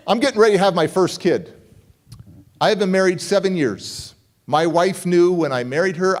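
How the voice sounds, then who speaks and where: A man's voice: fairly high pitch, darkish tone. A middle-aged man giving a motivational keynote at a conference, telling a personal story and acting out the voices of the people in it. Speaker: motivational speaker. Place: conference hall.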